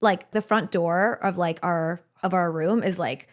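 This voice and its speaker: A young woman telling a personal story in casual podcast chat, animated and full of "like" fillers. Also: on the low side, a little slow. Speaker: guest storyteller.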